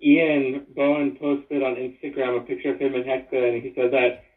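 A man's voice: medium pitch, flat delivery, normal speed. A man chatting casually as co-host over a call, explaining things in a matter-of-fact way. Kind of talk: casual chat. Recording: tinny phone line from far off.

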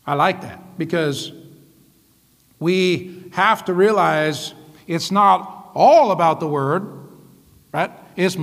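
A man preaching a sermon as pastor, lively, often laughing and calling out to the congregation. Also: a little high, gravelly, long reverb tail. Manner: lively, laughing often, calls out "come on" and "right?".

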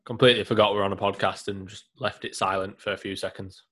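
Low-voiced man, rambling. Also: level tone, quick pace, fairly bright tone. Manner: rambling, hesitant restarts, casual swearing. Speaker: podcast host. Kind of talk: casual podcast chat.

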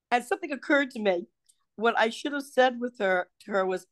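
A woman's voice: fairly high pitch, fast, no echo. An older woman telling stories in a casual chat over a video call, acting out the people she quotes. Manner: animated storyteller, acts out quoted voices. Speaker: podcast guest, host's mother.

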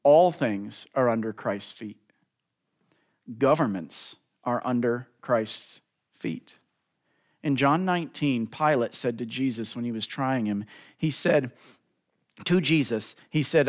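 A man preaching a sermon, building to emphatic lines and drawing out key words slowly, speaking directly to the congregation. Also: medium pitch, lively intonation. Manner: preaching with rising emphasis and slow drawn-out stresses; addresses the congregation directly as folks. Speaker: pastor.

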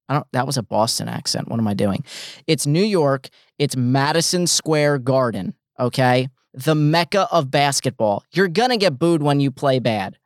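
Clear-voiced, emphatic sports host. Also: male voice, mid-range voice, animated, unhurried, no echo, clean studio sound. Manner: emphatic and blunt, repeating his points. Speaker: sports talk show host. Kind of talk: opinionated sports commentary.

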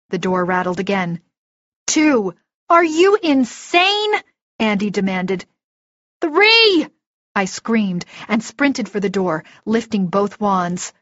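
Woman reading an audiobook first person, steady vivid telling, dry close sound, bit muffled. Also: medium pitch, no echo. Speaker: audiobook narrator. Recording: dull lo-fi recording, dry.

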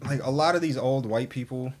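A man's voice: medium pitch, fairly quick, background noise. A young man co-hosting a podcast, telling a story in loose, slangy casual chat with lots of fillers. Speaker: podcast co-host.

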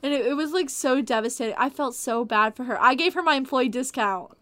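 A woman with a fairly high voice tells long stories from her retail jobs in a loose, rambling way, full of "like" and "dude". The sound is dry and close. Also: a little fast, fairly bright tone, no echo. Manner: rambling storyteller, heavy on like and dude. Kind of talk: casual podcast chat.

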